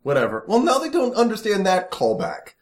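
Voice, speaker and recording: A Midwestern American man riffing on a comedy podcast, his pitch leaping up and down as he teases and interrupts. His voice sits a little higher than most men's, and he rarely lets the other person finish a sentence. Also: brisk. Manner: animated, teasing, keeps interrupting. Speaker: podcast co-host. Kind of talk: casual comedic chat.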